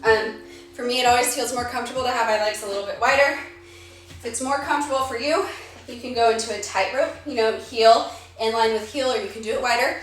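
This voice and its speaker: A woman leading a live-streamed yoga class, out of breath, giving brisk cues and counting down the holds. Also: fairly high pitch. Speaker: fitness instructor. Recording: echoey room, far from the mic, music behind. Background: workout music.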